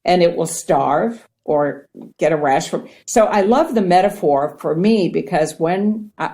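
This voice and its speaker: With a deep voice, an Ohio woman guesting on the topic of mindfulness explains things in an earnest, animated, conversational way. She acts out small quotes along the way, and she is from the United States.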